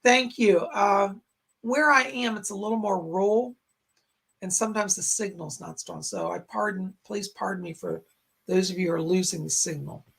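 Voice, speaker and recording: A man hosting a psychic live stream in a raspy, strained voice, relaying spirit messages in short, halting phrases. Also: sits high, fairly even intonation, fairly bright tone. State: strained, hoarse voice. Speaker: psychic medium host. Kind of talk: live-stream chat and readings. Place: home in a rural area.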